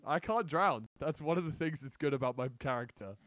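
A man gaming with friends, playful and excitable. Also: fairly high pitch, brisk, no room sound. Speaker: gamer. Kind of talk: casual gaming chat.

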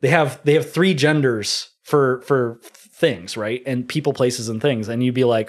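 A man guest on a podcast, telling stories in casual chat with animated delivery and playful put-on accents. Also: mid-range voice, moderate pace. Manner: animated storytelling, puts on mock German voices.

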